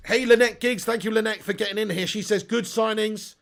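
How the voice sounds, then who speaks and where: A man's voice: high-pitched, steady tone, brisk, vocal fry, a bit bright. A man hosting a football fan live stream, chatting casually, giving opinionated takes and reading out viewer comments. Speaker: football fan channel host.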